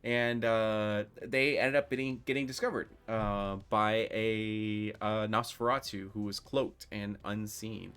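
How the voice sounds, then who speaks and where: A man's voice: lowish voice, takes it slowly, few pauses, clean tone. A man hosting and narrating a live-streamed tabletop role-playing game as game master, talking loosely with many fillers. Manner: relaxed, filler-heavy talk.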